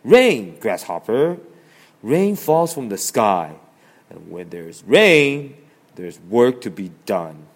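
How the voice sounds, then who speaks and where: Stern, preachy ant, louder than usual, read by a man. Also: lowish voice, lively intonation, measured pace. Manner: stern, lecturing. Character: serious hardworking male ant, stern and lecturing.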